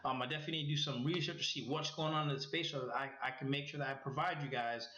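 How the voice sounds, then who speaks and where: Fast-talking man reading crypto news. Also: medium pitch, steady tone, pushed and bright, slight background noise. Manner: fast talker with frequent restarts and fillers. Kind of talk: casual reading and commentary on articles. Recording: echoey room, dull lo-fi sound.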